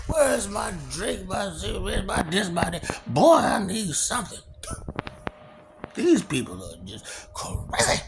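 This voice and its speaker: A young man with a soft voice, musing in a rambling casual monologue and laughing often as he talks to imagined listeners. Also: sits high, huge pitch swings, unhurried, creaky, background noise. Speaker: vlogger.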